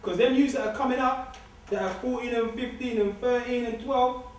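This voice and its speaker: A man lectures a student society in a loose, streetwise way, hammering points home by repeating them. His voice sits fairly high for a man and sounds distant, caught from across a big lecture hall with heavy echo and faint hiss behind it. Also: steady tone, moderate pace. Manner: streetwise, joking, emphatic repetition. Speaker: guest speaker. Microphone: far room recording. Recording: distant echoey hall recording.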